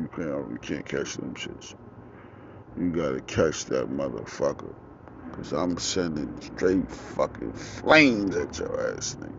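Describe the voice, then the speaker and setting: A young man hosts his own podcast outside, telling a story in profane street slang with plenty of energy as four-wheelers go by. His very deep, gravelly voice takes things slowly. Faint vehicle noise sits under a dull, lo-fi recording.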